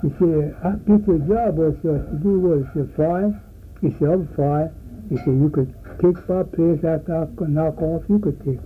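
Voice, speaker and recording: Older man, folksy rambling storyteller, somewhat high-pitched, very dark mellow tone. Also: normal speed, a little hiss or hum, rough recording. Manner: rambling, folksy, acts out voices in his stories. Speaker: interviewee. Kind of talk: oral history storytelling.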